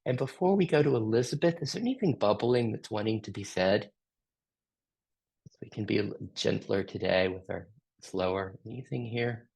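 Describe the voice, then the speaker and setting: Gravelly man guiding a slow group reflection. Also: lowish voice. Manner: gentle, slow, many open questions. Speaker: facilitator.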